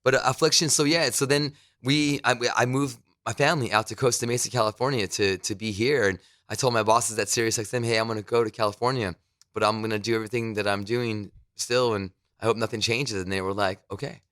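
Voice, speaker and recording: A New Jersey man, a radio host appearing as a podcast guest, speaks in a lowish, steady, fairly bright voice at a fairly quick clip. In a casual chat from his broadcast studio, he spins loose stories from his career, swearing freely and dropping quoted asides from people he met. The recording is studio quality with no echo.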